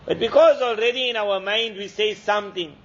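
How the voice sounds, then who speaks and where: A man's voice: sits high, a little fast. A man giving an Islamic lecture, telling a moral story in an earnest, repetitive preaching manner. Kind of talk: storytelling sermon. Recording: dull lo-fi lecture recording.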